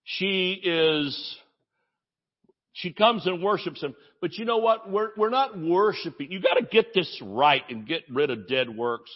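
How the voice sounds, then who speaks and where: Male preacher, lively swooping delivery, slightly higher voice, dull lo-fi audio. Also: unhurried. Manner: animated preaching, shouting exclamations, asides and jokes. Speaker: pastor. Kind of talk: sermon.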